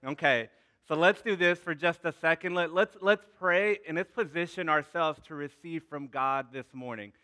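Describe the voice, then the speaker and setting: A pastor in his thirties leads prayer and preaches to a congregation in a slightly high, pushed, bright voice at a moderate pace. His sermon features repeated words and calls out to the crowd.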